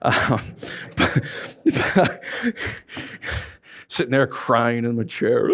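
A man preaching a sermon, telling stories in an animated way, acting out voices and laughing often. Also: mid-range voice, extremely slow, long pauses. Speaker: pastor.

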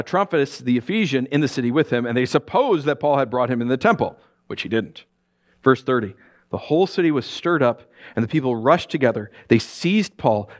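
Speaking at a mid-range pitch, a middle-aged pastor preaches a sermon. He spins stories playfully and energetically, tossing in quick impressions.

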